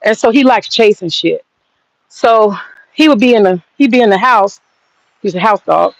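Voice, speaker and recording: A woman's voice: medium pitch, expressive, moderate pace, gravelly, dull audio. A woman vlogging outdoors in her backyard on a handheld phone, chatting casually and telling stories full of profanity. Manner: profane, rambling storyteller. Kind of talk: casual chat.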